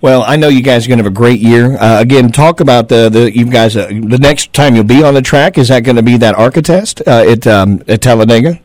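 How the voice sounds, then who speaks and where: A man's voice: medium pitch, fairly quick, few pauses, darkish tone, no room sound, poor audio. A man hosting a radio racing show, chatting in an enthusiastic, folksy way and heaping praise on his guests.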